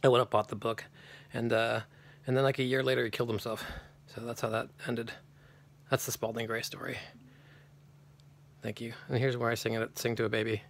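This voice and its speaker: A man's voice: medium pitch, little pitch movement, a little fast, creaky, long pauses, a little hiss or hum. A man telling a rambling personal story, with many restarts and self-corrections.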